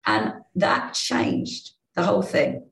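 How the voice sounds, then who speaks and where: A woman in her fifties from England, a former rugby player and sports journalist, telling lively anecdotes in a casual interview. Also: slow pace, roomy sound, poor audio. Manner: lively storytelling with restarts.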